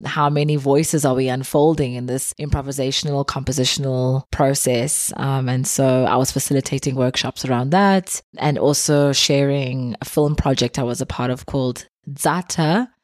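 A woman from South Africa, a guest artist, answering interview questions in a thoughtful, measured way with pauses. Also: a bass voice, steady tone, darkish tone, no room sound, clean studio sound.

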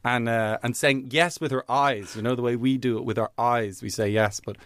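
A man's voice: medium pitch, fairly even intonation, normal speed, fairly bright tone. A young man, a comedian, chatting in an interview, laughing often and acting out little quotes. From Ireland. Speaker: comedian guest. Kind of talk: casual interview chat.

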